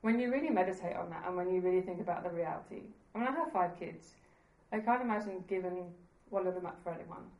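A woman's voice: lowish voice, quick pace, few pauses, a little mellow, reverberant, poor audio. A woman preaching a sermon in an earnest, conversational way, laughing at herself now and then.

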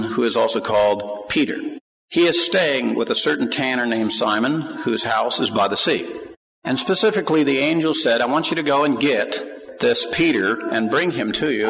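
A man preaching a sermon and reading scripture to a congregation, his voice carrying a long reverb from the hall. He questions his listeners directly and climbs to emphatic, animated peaks. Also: medium pitch, gravelly.

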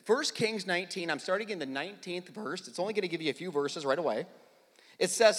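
A male pastor in his forties preaches in a church auditorium, his voice bright and forceful. He tells stories with self-deprecating humor and bursts into near-shouts, with pitch swinging widely. Long reverb from the hall trails each line. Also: a little fast. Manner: animated storyteller, self-deprecating humor, rises to near-shouting in dramatic moments. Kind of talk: sermon with personal story.

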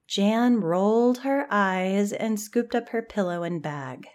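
A woman narrating a scripted campfire story in a calm, measured way. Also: mid-range voice.

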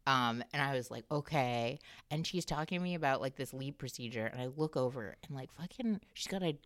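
A woman's voice: very deep voice, fairly quick, dry recording, clean studio sound. A woman guest on a casual podcast, telling a candid story with lots of laughter and acted-out dialogue. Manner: animated storyteller who acts out quoted dialogue and laughs often; swears freely in a candid, conversational tone.

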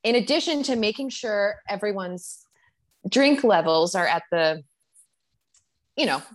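A woman who works behind a bar, chatting casually and speaking firmly about the job. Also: fairly low pitch. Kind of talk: casual chat.

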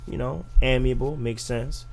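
A man's voice: medium pitch, a little slow, gravelly, a little hiss or hum. A young man in casual podcast chat, arguing with rhetorical questions. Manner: animated, argumentative, rhetorical questions.

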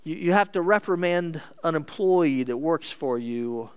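Slow, clear-voiced male preacher. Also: fairly high pitch, animated. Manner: earnest, measured preaching with sharp swings between emphatic and hushed delivery. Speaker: pastor. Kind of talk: sermon.

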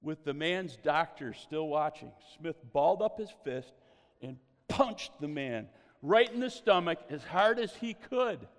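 A man preaching a sermon, telling stories with animated exclamations of praise. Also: fairly high pitch, a little slow, big-room sound.

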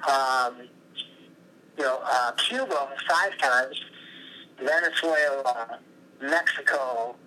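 Bright-voiced man telling a rambling story. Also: on the high side, slight background noise, rough recording. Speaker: former wrestler, coach. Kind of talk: storytelling interview guest. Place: his office.

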